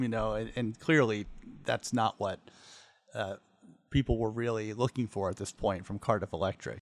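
Low-voiced man in casual recap chat. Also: normal speed, no echo. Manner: thoughtful, agreeable, laughs. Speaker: podcast co-host.

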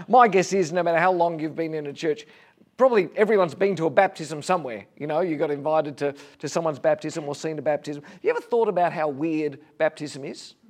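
Male pastor, casual preaching voice, pitched a touch high, asks the room questions. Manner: conversational, rhetorical questions, gently humorous. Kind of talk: sermon.

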